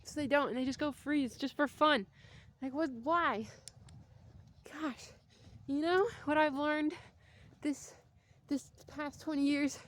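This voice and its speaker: A woman's voice: sits high, slow pace, long pauses. A young adult woman vlogging outdoors on a cold winter walk, talking in a rambling, chatty way with jokey asides. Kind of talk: casual walking vlog.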